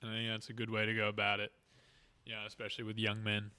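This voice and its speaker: A young man in his twenties in a relaxed podcast chat, reflective and full of "like" and "you know". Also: lowish voice, quick pace, clean tone.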